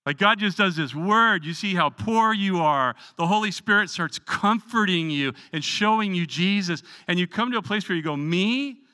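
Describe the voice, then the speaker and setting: Bright-voiced man preaching in a church. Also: high voice, normal speed, few pauses, in a large hall. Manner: earnest, emphatic preaching with frequent word repetitions. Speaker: pastor. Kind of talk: Bible study sermon. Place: church sanctuary.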